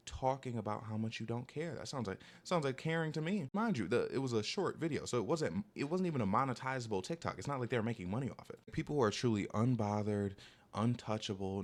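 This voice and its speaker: Rattling off dating tips in a laid-back solo talk, this young man fills his speech with "like" and "okay?" and imitates people in mocking voices whenever he quotes them. His voice is on the low side.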